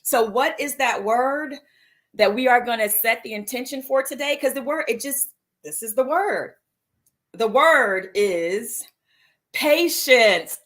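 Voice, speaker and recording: A woman hosting a live mindfulness show, talking casually and playfully, reading viewer comments aloud and laughing easily between reflective stretches. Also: mid-range voice. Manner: playful and animated, reads viewer comments aloud, frequent "right?" and "y'all"; laughs easily and slips into exaggerated voices for asides. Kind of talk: casual live-stream talk about setting an intention.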